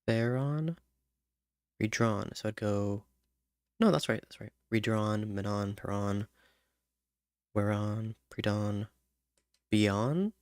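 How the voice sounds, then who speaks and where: A man's voice: lowish voice, slow pace, pauses often, darkish tone, smooth, no room sound, studio quality. A man thinking aloud while he writes song lyrics, muttering rhyme words and humming placeholder syllables. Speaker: songwriter.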